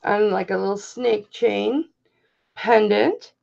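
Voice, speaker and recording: A woman presenting jewelry on a live online auction, describing each piece in a slow, easygoing way. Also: mid-range voice, creaky, a little mellow, muffled recording. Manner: slow, easygoing show-and-tell. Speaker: jewelry seller presenting items.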